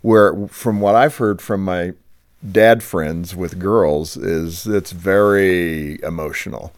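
A male interview host with a notably low voice, speaking in a relaxed, conversational way and leaning into probing questions. The recording is close and dry. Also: slow, no echo. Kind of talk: radio interview.

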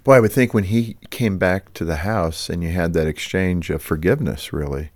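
A male interview host with a notably low voice, speaking in a relaxed, conversational way and leaning into probing questions. The recording is close and dry. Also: moderate pace, no room sound. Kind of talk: radio interview.

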